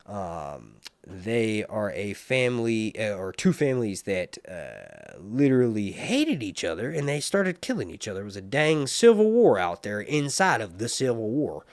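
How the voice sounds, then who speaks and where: A man hosting a casual livestream, rambling and animated, with muttered asides to himself. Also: lowish voice, normal speed, no room sound, studio quality. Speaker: livestream host reviewing a TV series.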